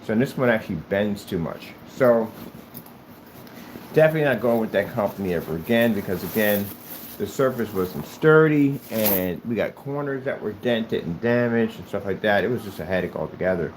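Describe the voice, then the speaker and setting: A man's voice: lowish voice, expressive, moderate pace. A man presenting his company's products in a casual vlog, rambling with many fillers and restarts. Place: indoors at his office. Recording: noisy room recording.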